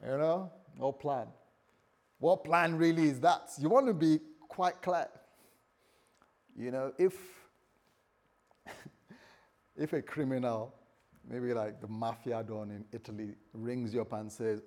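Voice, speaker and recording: Male pastor with a slightly high, husky voice; emphatic preaching that swings from loud to hushed. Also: big pitch swings, measured pace. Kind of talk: sermon.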